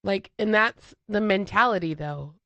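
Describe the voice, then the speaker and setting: A woman's voice: medium pitch, measured pace, a bit bright, no echo, lo-fi sound. A woman co-hosting a casual podcast, commenting in an emphatic, exasperated way. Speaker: podcast co-host. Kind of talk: casual chat.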